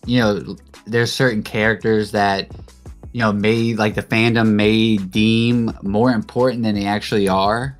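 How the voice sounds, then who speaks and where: A man co-hosting a podcast, speaking in a halting way full of filler words. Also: on the low side, little pitch movement, soft background music. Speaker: podcast co-host. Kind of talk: casual chat.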